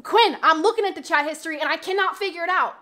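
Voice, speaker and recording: A woman live streamer chatting casually, exasperated and rambling, often bursting into loud yelling. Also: very high voice, fast talker.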